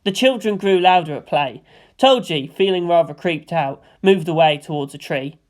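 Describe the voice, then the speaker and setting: A woman reading a fan-written story aloud in a lively, expressive way. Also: on the low side, moderate pace. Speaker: fanfic reader.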